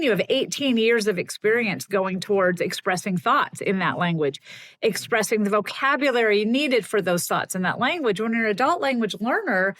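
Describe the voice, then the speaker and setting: Lively woman linguist explaining. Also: a little high. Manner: animated, explanatory, laughs often. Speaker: guest linguist and author. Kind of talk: explaining in a podcast interview.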